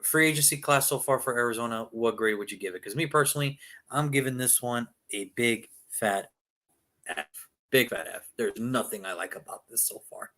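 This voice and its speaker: A man's voice: medium pitch, normal speed, bright, forceful tone. A man co-hosting a casual sports podcast, talking emphatically and with exasperation, firing off rhetorical questions.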